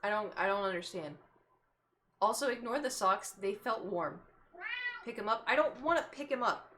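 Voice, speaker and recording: A woman's voice: mid-range voice, expressive, moderate pace, bright, forceful tone, a little hiss or hum. A woman streamer chatting casually on a live stream, telling a story and breaking off to scold her cat in exasperated asides.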